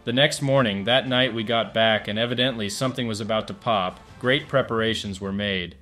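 A man's voice: fairly low pitch, a little fast, sharp tone, soft background music. Middle-aged man recalling wartime, matter-of-fact. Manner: plain, matter-of-fact, rambling with restarts. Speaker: wartime filmmaker giving a firsthand account. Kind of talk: archival spoken recollection.

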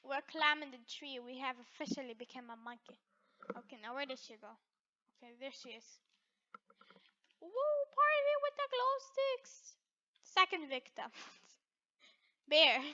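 Giggly high-voiced woman playing a game. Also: normal speed, long pauses, bright, forceful tone, dull audio. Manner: giggly, teasing, frequently laughing. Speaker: gaming video creator. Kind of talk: playful gameplay commentary.

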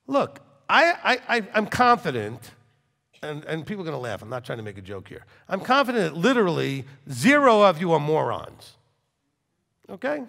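Intense rabbi preaching in a hall. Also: male voice, sing-song, moderate pace, vocal fry. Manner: intense, swings from loud forceful bursts to quiet low talk. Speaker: rabbi teaching a congregation. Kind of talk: sermon.

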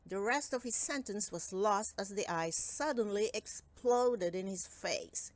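A woman reading a children's storybook aloud in a slow, expressive narration, with faint music behind. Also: mid-range voice, no echo. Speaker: storybook reader.

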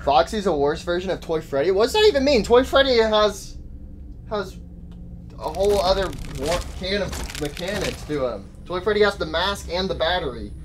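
A man giving casual gameplay commentary to his chat, excitable and joking in slang, yelping and shouting when startled. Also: sits high, moderate pace, a little hiss or hum. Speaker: gaming YouTuber.

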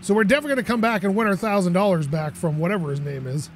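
A man's voice: high voice, rapid-fire, a little hiss or hum. A man hosting a gaming channel, talking to himself through a let's play and swearing when things go wrong. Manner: animated, self-talking, swearing when frustrated.

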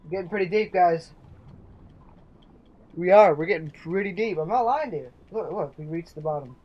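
A man's voice: high-pitched, moderate pace, lo-fi sound. A young man hosting a gaming video, giving playful, goofy commentary that drifts into sing-song. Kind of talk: casual game commentary.

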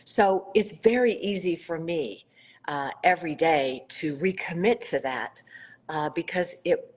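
A woman's voice: lowish voice, breathy edge, rough recording. A middle-aged woman from South Carolina, a nonprofit founder, telling her story in a heartfelt way on a live video call. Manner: warm, heartfelt storytelling with emphatic swells. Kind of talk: Instagram live conversation.

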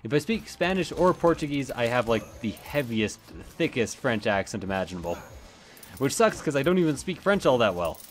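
A man's voice: medium pitch, very animated, moderate pace, slight background noise. A man giving casual, rambling commentary while playing a video game, swearing often and drifting into asides. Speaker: let's play gamer.

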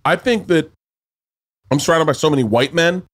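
A man's voice: fairly high pitch, normal speed, a bit bright. A man from the Southern US hosting a podcast, chatting in a rambling, enthusiastic way and swearing casually. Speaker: podcast host.

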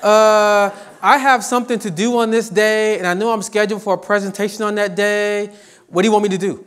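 A man mimicking a whiny young student who makes excuses and pleads, raising his voice high. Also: steady tone, brisk, fairly bright tone, a faint crowd, slight background noise.

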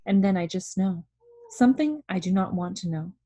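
A woman reading a novel aloud in a hushed, measured way. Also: on the low side, animated. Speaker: audiobook reader.

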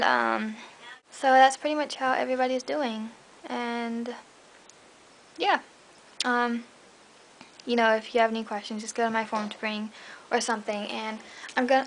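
A woman's voice: a bit bright, slight background noise, poor audio. A tired young woman rambling through a casual tour of her pets' cages at home, filled with fillers. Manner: rambling, chatty, many fillers; high coaxing voice when calling her pets. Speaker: pet vlogger. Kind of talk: casual pet cage tour. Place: indoor room at home. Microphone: handheld camera mic.

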